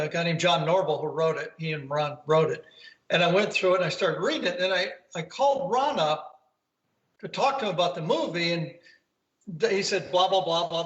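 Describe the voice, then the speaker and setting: An older man with a high, slightly bright voice, a golf commentator, rambles through anecdotes and acts out quoted voices. It's a casual interview conducted over video call from his home, with roomy, dull audio.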